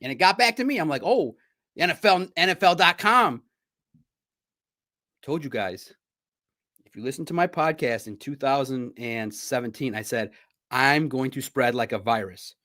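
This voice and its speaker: A man's voice: fairly high pitch, lively intonation, moderate pace, long pauses, bright, forceful tone. A middle-aged man hosting a sports podcast in a casual monologue, boastful and trash-talking, repeating himself for emphasis. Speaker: sports podcast host and reporter.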